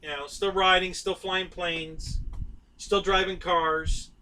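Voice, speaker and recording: High, bright-voiced man rambling a story. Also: flat delivery, takes it slowly, far from the mic, rough recording. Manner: rambling, chatty, with lots of fillers and restarts. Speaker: host of a live stream about model aircraft. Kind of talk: casual storytelling on a live stream.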